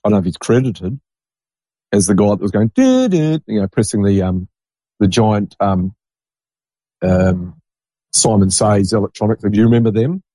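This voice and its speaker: A man's voice: fairly low pitch, steady tone, normal speed, long pauses, mellow, breathy edge, no room sound. A middle-aged man, a podcast host talking in a rambling, blunt, digressive monologue. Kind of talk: casual monologue.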